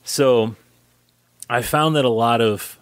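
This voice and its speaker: A married man co-hosting a podcast, talking in easygoing, halting casual chat with fillers and restarts. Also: medium pitch, smooth, no echo. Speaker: podcast co-host.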